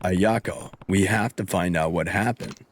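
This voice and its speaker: A man voicing a calm, firm adult guardian in a game. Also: deep voice, unhurried, voice pushed down. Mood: steady.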